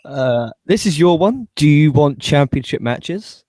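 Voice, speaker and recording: A man's voice: a little high, expressive, measured pace, darkish tone, dry recording. A man co-hosting a casual chat, reading questions out and laughing along. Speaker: podcast co-host.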